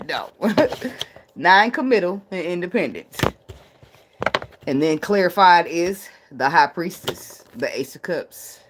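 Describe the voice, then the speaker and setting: A woman's voice: lowish voice, lively intonation, slow pace, pauses often, background noise. A woman giving a casual tarot reading, blunt and profane, laughing often and drifting into tangents. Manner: rambling, talks herself into tangents. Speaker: tarot reader.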